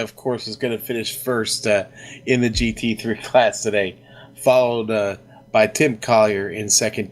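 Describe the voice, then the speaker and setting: A man at a medium pitch casually reads out finishing positions on a sim racing broadcast. He fills gaps with small hesitations as he goes. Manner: casual, uses fillers. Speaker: co-commentator. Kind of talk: reading race results.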